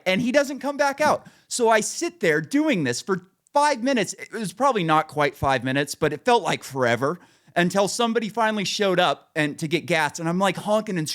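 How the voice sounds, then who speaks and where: A man co-hosting a podcast in casual chat, telling a story with lots of swearing and acting out the voices of the people in it. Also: normal speed. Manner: profane, animated storytelling; acts out quoted voices, pitching up. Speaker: podcast co-host.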